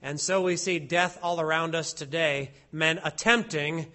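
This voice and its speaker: A man's voice: a little high, steady tone, measured pace, pushed and bright. A man leading worship as a pastor, reading psalms and preaching a sermon in an earnest, declamatory way. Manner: earnest, declamatory with emphatic rises. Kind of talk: sermon and liturgy.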